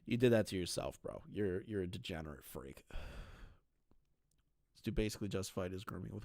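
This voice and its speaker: A man's voice: sits low, a little fast, no echo, clean studio sound. A young man streaming live, ranting bluntly with lots of swearing and repeated phrases.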